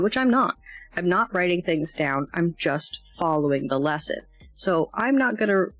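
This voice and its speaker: In a low-pitched voice with no room sound, a woman streaming her language studies rambles hesitantly through a casual lesson walkthrough. She sounds tired, yawns along the way, and makes self-deprecating jokes.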